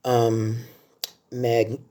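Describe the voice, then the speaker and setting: In a very slow, monotone delivery, her rumbling low voice still comes across warm. She's a film vlogger in her sixties chatting casually through her favorite-films countdown, with heartfelt storytelling along the way.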